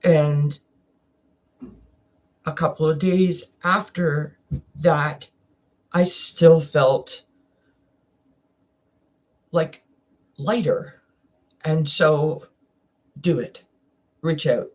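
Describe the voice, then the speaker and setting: A Canadian woman hosting a wellness chat, talking casually and emotionally about a personal experience, with frequent halting restarts and at times close to tears. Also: sits low, steady tone, darkish tone. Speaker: wellness channel host.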